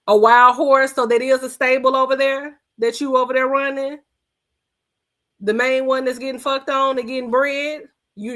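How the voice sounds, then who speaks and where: A woman's voice: on the high side, fairly bright tone. Blunt, profane woman podcast host ranting. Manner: blunt, profane, scolding rants. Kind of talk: heated reaction commentary.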